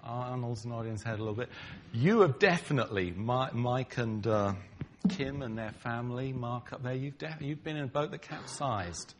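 A man's voice: mid-range voice, normal speed, a little hiss or hum. A middle-aged man, preaching a conversational sermon to his congregation, bantering with them and acting out quoted lines. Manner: acts out quoted lines dramatically. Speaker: pastor.

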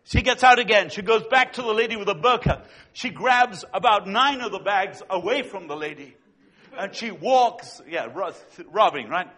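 A man preaching a sermon as a pastor, telling stories with swings between loud and hushed delivery. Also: sits high, normal speed, slightly rough. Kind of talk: sermon with storytelling.

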